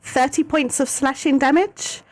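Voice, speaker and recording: Woman DM, fairly high voice, chatty and giggly, reads out rolls quickly. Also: steady tone, a little hiss or hum. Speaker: dungeon master. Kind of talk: running a tabletop game on stream.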